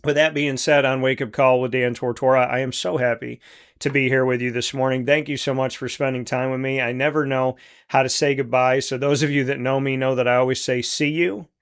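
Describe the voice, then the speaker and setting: A man in his forties from central New York, hosting a talk show and speaking in a heartfelt, halting, openly emotional way. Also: mid-range voice, level tone, fairly bright tone, smooth. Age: 40s. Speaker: host. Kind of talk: casual talk show monologue.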